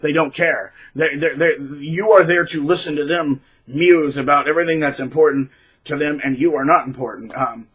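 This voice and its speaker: Bright, husky man rambling on. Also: on the high side, normal speed, low-quality recording. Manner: rambling, animated, restarts and laughs. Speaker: middle school teacher, vlogger. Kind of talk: casual monologue to camera.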